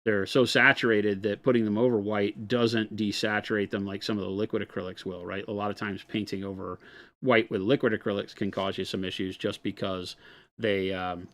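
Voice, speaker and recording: A man with a fairly low voice, talking casually on a live painting stream. He explains things in loose, wandering answers, padding them with "you know" and "um" as he goes. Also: brisk. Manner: relaxed, rambling explanations with many fillers. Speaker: painting host answering viewer questions. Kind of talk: live-stream hobby chat.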